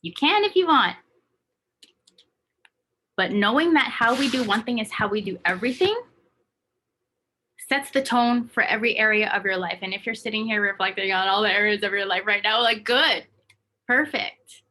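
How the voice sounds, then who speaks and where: A woman's voice: medium pitch, a little fast, bright, forceful tone, slight background noise. A woman coaching her team in a motivational talk, emphatic and acting out her own inner voice.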